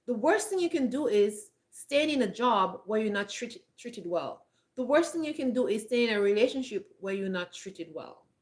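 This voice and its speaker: A woman giving blunt, emphatic advice straight to camera on a countryside homestead, laughing often, with a frog in her throat. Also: a little high. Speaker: homestead vlogger. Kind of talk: direct-to-camera advice talk.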